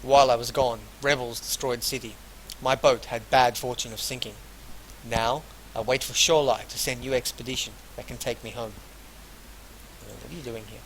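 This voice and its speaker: A man's voice: medium pitch, fairly even intonation, normal speed, a bit bright, a little hiss or hum, low-quality recording. Man reading game text aloud. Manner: reads game text in full, then drops casual offhand asides. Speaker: let's player.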